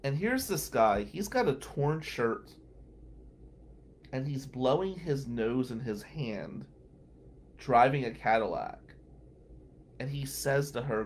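Lively storytelling man. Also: medium pitch, slow pace, long pauses, slight background noise. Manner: animated anecdotal storyteller, acts out quotes. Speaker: lawyer and show regular. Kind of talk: storytelling on a radio talk show.

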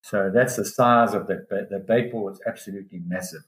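A man telling a long diving story in a casual interview, lively and excited when he quotes others. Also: a little fast. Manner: animated, pitch jumps when quoting others. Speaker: dive guide telling a story. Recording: roomy echo.

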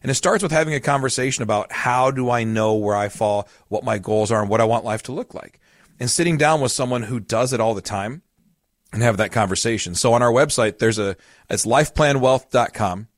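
A man's voice: mid-range voice, brisk, no echo, studio quality. A man hosting a podcast as a financial advisor, explaining with family stories and repeating key points for emphasis. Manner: earnest, explains with family anecdotes and acted-out quotes.

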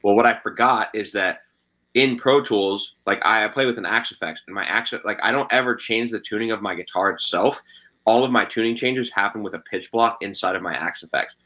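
A young male guitarist in a band chats casually in a lowish, brisk voice with a sharp edge. He swears often and leans heavily on "dude" and "like."

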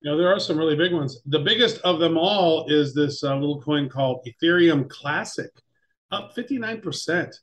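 A man's voice: on the high side, moderate pace, fairly bright tone. A man co-hosting a casual crypto podcast, playful and rambling as he reads off the weekly winners. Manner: playful, rambling, self-mocking. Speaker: podcast co-host.

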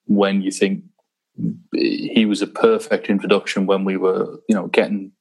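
Co-host, male, low husky voice, rambling casual delivery. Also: level tone, moderate pace, darkish tone, poor audio. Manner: rambling, swears, self-deprecating. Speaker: podcast co-host. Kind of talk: casual podcast chat.

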